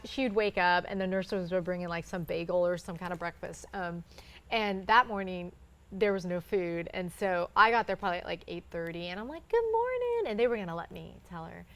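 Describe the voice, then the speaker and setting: A woman in her thirties with a medium-pitched voice appears as a guest in a conversation, earnestly telling a personal faith story and acting out what others said.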